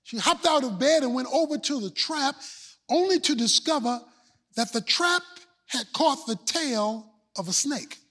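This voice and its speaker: A man preaching a sermon, telling a story and building to shouts. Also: extremely high pitch, animated, measured pace. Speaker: pastor.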